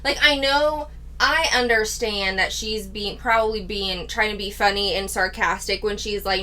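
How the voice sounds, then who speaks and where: A woman's voice: fairly high pitch, animated, a little slow, bright, forceful tone. A woman hosting a reaction commentary, talking in a candid, critical and sarcastic way. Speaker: commentary channel host.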